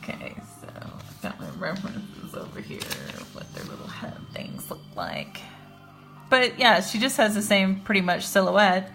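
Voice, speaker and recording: A woman's voice: medium pitch, huge pitch swings, vocal fry, over music. A woman hosting a livestream, chatting casually and laughing while she sketches. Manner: giggly, chatty, drawn-out. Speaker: livestream host and artist.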